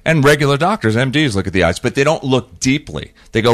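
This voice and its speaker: A man on a podcast, talking casually as an animated storyteller who often repeats and restarts his words. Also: on the low side, fast. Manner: animated storyteller who acts out quoted dialogue. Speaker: podcast guest. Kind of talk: casual conversation.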